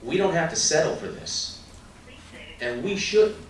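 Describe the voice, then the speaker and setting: Heard from a distance in a very echoey room with slight background noise, a male candidate fires rhetorical questions and asides at a party meet-and-greet crowd during an emphatic campaign speech. His voice runs on the high side, animated and a little slow.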